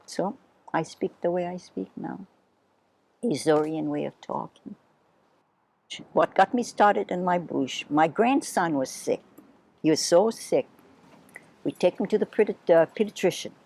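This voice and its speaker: Elderly woman in her eighties, low voice, leisurely homespun storyteller. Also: mellow. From Hawaii. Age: 80s. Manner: unhurried, homely storyteller who spells words out. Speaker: oral history interviewee. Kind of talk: reminiscing storytelling.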